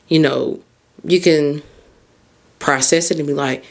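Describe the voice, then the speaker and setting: A woman's voice: low-pitched, fairly even intonation, slow pace, gravelly. A woman hosting a podcast, giving a casual motivational monologue in an emphatic, colloquial way, talking straight to the listener. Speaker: podcast host and mindset coach.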